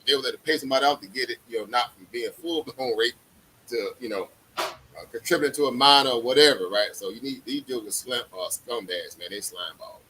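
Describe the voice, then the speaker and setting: A man's voice: medium pitch, a little fast, sharp tone, slight background noise, low-quality recording. A man hosting a livestream in casual chat, laid-back and slangy, laughing often. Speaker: livestream host.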